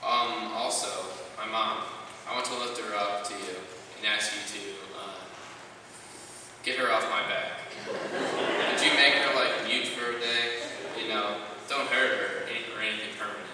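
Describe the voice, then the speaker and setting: An awkward slacker teen , played by a man, mumbles his wishes in a fairly low voice, with plenty of ums and likes. He is heard from a distance in a long, echoing church hall. Noise can be heard behind him. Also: steady tone, moderate pace, natural voice. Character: slacker teen boy, awkward and self-serving. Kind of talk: church youth skit. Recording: echoey church hall, distant mic, noisy.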